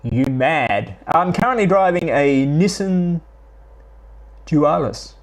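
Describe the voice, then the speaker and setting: A man's voice: on the high side, lively intonation, takes it slowly. A middle-aged Australian man with an Australian accent, chatting casually and rambling through anecdotes with frequent restarts. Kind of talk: casual storytelling monologue.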